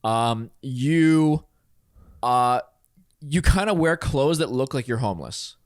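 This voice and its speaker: A man's voice: medium pitch, animated, takes it slowly, dry recording, clean studio sound. A man co-hosting a podcast who steers the casual chat by posing hypothetical scenarios. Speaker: podcast co-host. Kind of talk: casual comedic debate chat.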